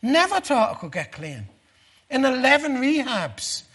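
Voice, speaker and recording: An Irish man giving a personal testimony sermon to a church gathering, earnest, dropping low and slow for the dark parts. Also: wildly swooping pitch, husky. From Ireland.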